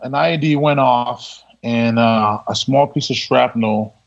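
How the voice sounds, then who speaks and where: Gravelly-voiced veteran telling a story. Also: male voice, mid-range voice, measured pace, lo-fi sound. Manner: laid-back, laughing, full of quoted dialogue. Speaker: military veteran guest. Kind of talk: casual storytelling interview.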